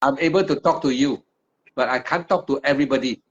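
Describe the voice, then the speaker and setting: A man's voice: medium pitch, fast. A man teaching meditation one-on-one, speaking in short, emphatic, repeated phrases of simple broken English. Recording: dull lo-fi recording.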